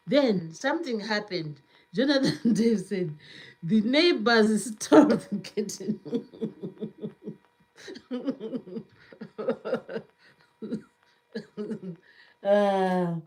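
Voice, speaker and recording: Slow-talking, giggly woman host. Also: mid-range voice, poor audio. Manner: giggly, laughs often, repeats herself. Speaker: cooking channel host. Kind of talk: casual live-stream chat, reading viewer comments aloud.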